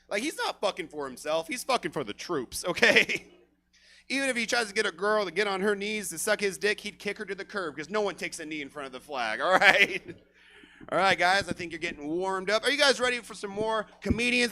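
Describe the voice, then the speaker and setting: Man, stand-up comic, high voice, bright tone, profane, hypes the crowd. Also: fairly quick. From Stockton, California. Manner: profane, energetic crowd work. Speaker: stand-up comedian and emcee. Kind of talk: stand-up set. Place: comedy theater stage.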